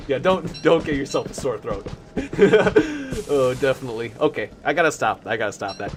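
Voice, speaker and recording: A man's voice: mid-range voice, sing-song, moderate pace, over music. A man hosting a game live stream, chatting playfully with viewers and laughing often. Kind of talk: casual live stream chat.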